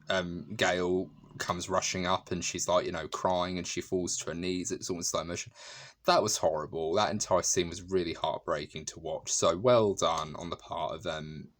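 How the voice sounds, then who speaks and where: A man's voice: sits low, fairly bright tone. A man giving a casual, emotional movie review, full of fillers and restarts and frequent laughter. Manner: laughs often while talking. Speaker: film reviewer.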